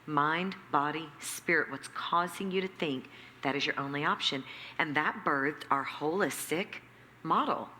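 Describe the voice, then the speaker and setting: A woman who runs a nonprofit, telling her story in an interview with lively acted-out quotes and emphatic repetition. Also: low voice, measured pace. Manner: animated, acts out quoted dialogue, emphatic repetition. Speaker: nonprofit CEO, interview guest. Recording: echoey hall with faint background noise.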